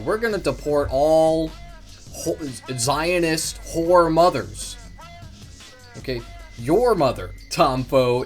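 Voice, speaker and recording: A man hosting a reaction stream, cutting in with mocking, profane sarcasm. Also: mid-range voice.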